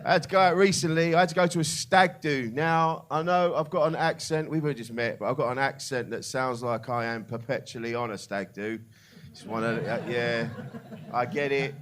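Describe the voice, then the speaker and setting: A man's voice: medium pitch, fairly quick, a bit bright, slight background noise. A man doing a stand-up comedy set in a club, brash and swearing, mocking laddish banter. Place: comedy club with live audience. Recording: live club with crowd laughter.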